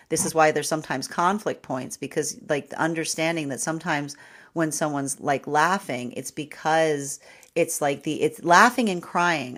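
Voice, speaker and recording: A woman's voice: low voice, fairly bright tone. A woman tarot reader giving a live astrology reading, rambling with many fillers and restarts and laughing often.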